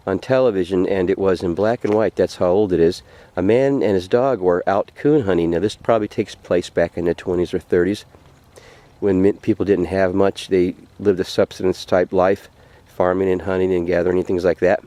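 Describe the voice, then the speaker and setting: A man telling a folk tale in an unhurried, folksy way, repeating phrases as he goes. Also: low voice, fairly even intonation, dark tone, dry recording. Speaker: vlogger telling a story. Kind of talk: folksy spoken storytelling. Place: outdoors by a frozen lake.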